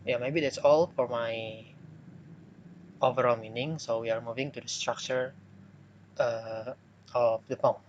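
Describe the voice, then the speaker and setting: A young man whose first language is Indonesian gives a class presentation at a very slow, careful pace. He hesitates often, filling gaps with "uh" and correcting himself mid-sentence. His voice sits at a medium pitch. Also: steady tone, dull audio, a little hiss or hum. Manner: hesitant, with many "uh" fillers and self-corrections. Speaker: student presenting a poem analysis.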